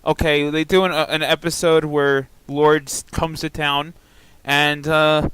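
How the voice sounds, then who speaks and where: Smooth-voiced, chatty radio co-host man. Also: on the high side, level tone, unhurried, a bit bright, no echo, rough recording. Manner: hesitant, full of restarts, chatty. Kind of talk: casual talk-radio chat.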